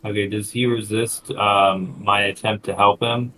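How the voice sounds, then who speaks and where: Slow, low-voiced man at a game table. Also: flat delivery, a crowd in the background, poor audio. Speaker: player.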